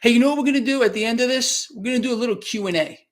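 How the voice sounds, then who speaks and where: A man's voice: very high-pitched, rapid-fire. A man hosting a live market wrap-up stream, talking in an emphatic, sarcastic, conversational way and taking viewers' questions. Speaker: market commentary host. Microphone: new microphone.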